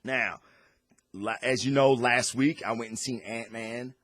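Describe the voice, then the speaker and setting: A man hosting a casual comic and movie review, rambling and excitable, with lots of fillers and restarts. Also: mid-range voice, unhurried, slight background noise. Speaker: host.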